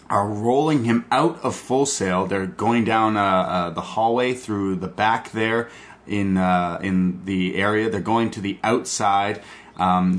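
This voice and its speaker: A man hosting a podcast, excitedly recapping a wrestling show in casual chat, swearing and laughing. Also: on the low side. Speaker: podcast host.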